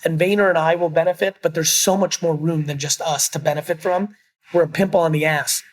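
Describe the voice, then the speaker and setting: A middle-aged man talks business in an emphatic, blunt voice. His pitch sits a little high for a man, and he swears casually as he pushes his points. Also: fairly even intonation, brisk. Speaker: guest, entrepreneur. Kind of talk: energetic business interview.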